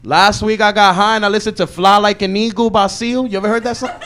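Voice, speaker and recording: A man's voice: high-pitched, fairly even intonation, quick pace, sharp tone. A male comedian from Brooklyn doing stand-up on a club stage with emphatic, incredulous rants.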